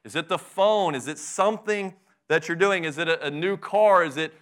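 A middle-aged man preaching a sermon, his voice bright and forceful and a little higher than most men's. He talks to the congregation conversationally, firing off rhetorical questions and pressing his points with fervor. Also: normal speed. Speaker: pastor.

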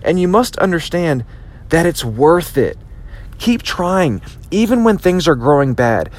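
A man's voice: a little high, a little slow. A man hosting a podcast, giving a motivational talk with frequent restarts and acted-out quotes. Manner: animated, repetitive restarts, acts out quotes. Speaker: podcast host.

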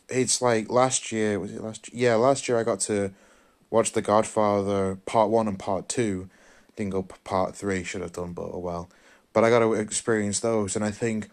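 A man with a somewhat low voice talks through a film review in a loose, casual way. He rambles and gushes with enthusiasm as he goes. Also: a little mellow. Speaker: podcast host.

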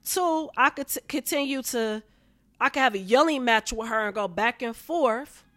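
A woman's voice: a little high, moderate pace, a bit bright, dry recording. A woman, venting to her viewers in a heated, profane, repetitive way. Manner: heated, profane, repeats herself. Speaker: vlogger.

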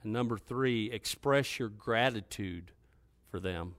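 A man, a pastor, preaching a sermon and reading scripture aloud. His pitch rises when he exhorts the congregation. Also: a little slow, a bit bright, no echo.

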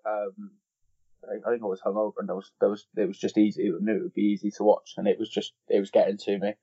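A man's voice: on the low side, level tone, fast talker, dark tone, breathy edge, highs cut off. A man chatting casually on a film podcast, rambling and restarting his sentences. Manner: rambling, repeats himself. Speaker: podcast co-host. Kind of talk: casual chat.

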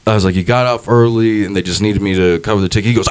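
A man's voice: lowish voice, very fast, clear, resonant tone. A man, a stand-up comedian, telling a story in a casual podcast chat, swearing freely and acting out the people in it. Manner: animated, swearing, acts out quoted voices.

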